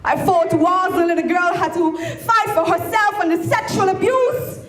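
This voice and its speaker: A woman performing an impassioned spoken word poem, at times shouting and lilting into a sing-song delivery. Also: very high voice, steady tone, moderate pace, soft background music. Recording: echoey room with faint ambient noise.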